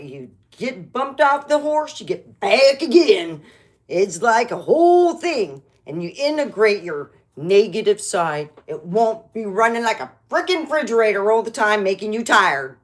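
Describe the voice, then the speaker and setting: A middle-aged woman talks through a loose comedy monologue in a chatty, wandering way. She circles back on her own sentences and restarts often. Her pitch sits in an ordinary middle range. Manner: chatty, meandering, frequent restarts. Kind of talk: rambling stand-up monologue.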